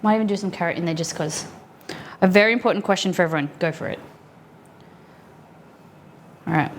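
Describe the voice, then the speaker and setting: There's a little hiss or hum behind this woman's lowish, slightly fast voice. She's a streamer making food in her kitchen, chatting casually and answering viewers' messages while rolling food.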